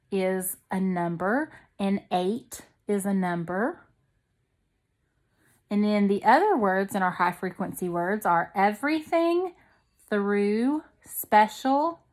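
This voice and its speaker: A patient woman teacher walks young children through a grammar lesson, one step at a time. She reads each example sentence slowly, then breaks it down, checking in with a frequent "okay?" Her pitch sits in an ordinary middle range. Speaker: second grade teacher.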